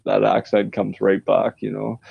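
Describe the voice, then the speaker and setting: Low gravelly-voiced man, laid-back podcast chatter, swears a lot, muffled recording. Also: little pitch movement, moderate pace. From Canada and the US South. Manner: laid-back, swears freely, laughs often. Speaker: podcast host. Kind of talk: casual chat. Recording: dull lo-fi sound.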